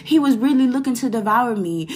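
A woman from Florida with a Florida accent, giving a casual, animated faith talk to camera, slangy and quoting scripture. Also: a little high, fairly quick. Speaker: Christian vlogger.

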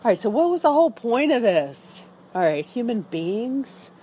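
This vlogger's voice is on the high side and sing-song, warm in tone and moderately paced, over a slight hiss or hum. She rambles cheerfully through a casual morning vlog outside on dry leaves, restarting now and then and coughing from allergies.

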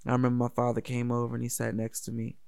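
Gravelly man telling a candid story. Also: medium pitch, fast, no room sound, studio quality. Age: adult. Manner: candid, profane, animated. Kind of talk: casual personal storytelling.

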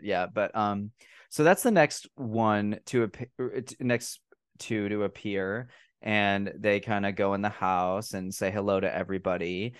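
A man hosting a podcast, chatting casually about a film and retelling scenes in a profane, animated way. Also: on the low side, clean tone, no room sound, clean studio sound. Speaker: podcast host. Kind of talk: casual film review chat.

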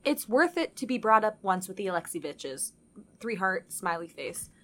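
Podcast co-host, young woman, expressive narrator, wide pitch swings on dialogue. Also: normal speed. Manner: animated narration with sudden loud dialogue bursts. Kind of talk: casual reading of fan fiction.

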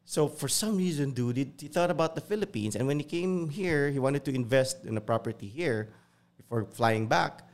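Animated man telling stories. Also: mid-range voice, moderate pace. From United States (Virginia). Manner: animated, switches freely between English and Tagalog. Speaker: guest. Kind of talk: casual conversational storytelling.

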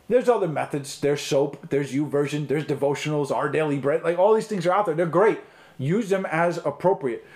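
A man's voice: mid-range voice, darkish tone. Man, pastor, middle-aged, recorded teaching talk, earnest, conversational, mid-range voice, filler words. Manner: earnest, conversational, frequent ums and restarts.

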